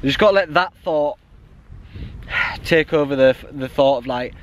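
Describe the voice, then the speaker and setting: This man, a hiking vlogger, speaks at normal speed in a fairly high voice while filming himself on a mountain trail with a handheld camera. He keeps up a chatty, self-deprecating running commentary outdoors, frequently breaking into laughter.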